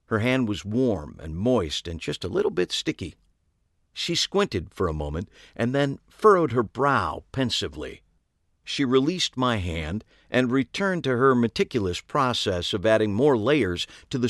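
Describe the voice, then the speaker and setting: Low-voiced guy reading a first-person story, lots of pitch movement, dead dry sound. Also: big pitch swings, moderate pace, dry recording. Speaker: audiobook narrator. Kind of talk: first-person scripted narration.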